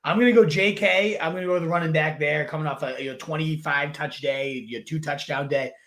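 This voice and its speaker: A man's voice: a little high, fairly even intonation, fast, a bit bright. A man co-hosting a casual fantasy football chat, enthusiastic and thinking aloud with fillers.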